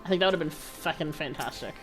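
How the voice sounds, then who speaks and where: A woman's voice: low-pitched, quick pace, music in the background. A woman streaming a game, chatting casually in a rambling way with the odd swear word.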